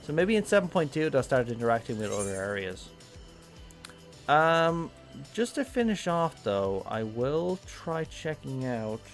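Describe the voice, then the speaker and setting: An Irish man chats his way through a live game stream, thinking aloud and trailing into ums. His pitch sits in a middle register but moves around a lot. Faint music plays quietly behind him. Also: big pitch swings, a little slow. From Ireland. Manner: chatty, rambling, thinking aloud with many ums. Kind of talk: casual live-stream gameplay commentary.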